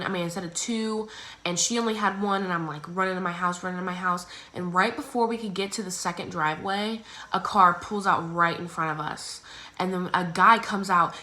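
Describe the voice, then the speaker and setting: A teenage girl telling a personal story in a casual, chatty way, full of "like" and "um", acting out others in squeaky voices. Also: steady tone, a little fast, pushed and bright. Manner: acts out others' lines in squeaky exaggerated voices.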